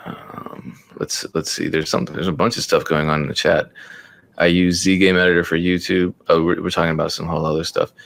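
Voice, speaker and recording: Low-voiced man teaching casually, thinking aloud. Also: level tone, a little fast, vocal fry, a bit bright. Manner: thinks aloud, stumbles and repeats words while typing; joking and sarcastic at times. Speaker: music producer teaching a beat-selling class. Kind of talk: casual live-streamed tutorial.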